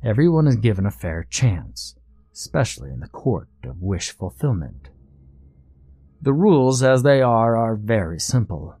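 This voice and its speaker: A man plays a courtly, pompous servant of a dark king in a scary storybook reading, every word measured and formal. The voice is low and mellow, close and dry. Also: big pitch swings, slightly rough, no room sound, exaggerated voice. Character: smooth, formal male servant of a sinister king.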